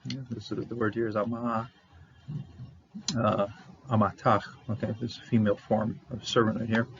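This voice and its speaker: A man teaching a verse-by-verse Bible Hebrew lesson, halting with fillers and restarts, repeating words for stress. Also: fairly low pitch, level tone. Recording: dull lo-fi audio with faint noise.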